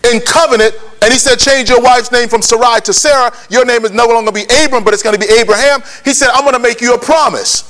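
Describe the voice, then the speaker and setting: A man's voice: very high-pitched, fairly even intonation, fast, few pauses, a bit bright. A man preaching a sermon, prodding his listeners with questions and pushing them to answer back. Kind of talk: sermon with call and response.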